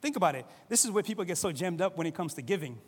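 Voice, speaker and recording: A middle-aged man preaching a sermon as a pastor, conversational and animated, acting out quoted voices. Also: high-pitched, racing, husky, long reverb tail.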